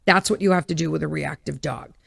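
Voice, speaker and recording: A woman's voice: low voice, fast talker, vocal fry, a bit bright, breathy edge. A middle-aged woman hosting her own podcast, chatting candidly, laughing at herself and swearing freely, her voice still recovering with a cough. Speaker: podcast host. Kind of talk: casual solo chat.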